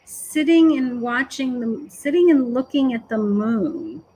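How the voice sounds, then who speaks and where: A woman psychic medium speaks slowly and softly during a live-streamed reading, pausing often with "okay" and "um". Her voice sits fairly high and stays gentle throughout. A faint hum of noise runs behind her. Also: expressive, rough recording. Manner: slow, hesitant, full of "okay" and "um".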